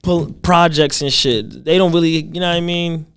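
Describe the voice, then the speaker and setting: A man's voice: a little high, moderate pace, fairly bright tone, smooth. Young man, rapper guest, loose slangy storyteller. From Boston. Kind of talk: casual chat.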